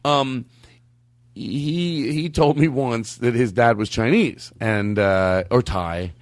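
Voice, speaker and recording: A man's voice: mid-range voice, slow, no echo. A man hosting a comedy podcast, chatting in a rambling way with frequent laughs and restarts. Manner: rambling, laughing, self-interrupting. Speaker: podcast host. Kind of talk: casual comedic chat.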